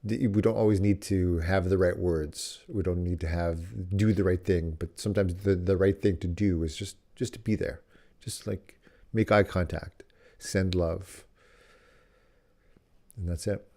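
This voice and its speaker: A man co-hosting a podcast about fatherhood, telling a personal story in an earnest, halting way. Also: deep voice, steady tone, mellow. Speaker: podcast co-host. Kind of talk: reflective casual conversation.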